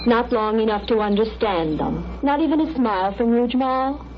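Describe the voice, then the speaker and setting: An actress playing a scornful, bigoted social worker in an old educational film, speaking in clipped, contemptuous, lecturing tones. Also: female voice, a little high, normal speed, lightly acted. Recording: dull old film soundtrack with hiss.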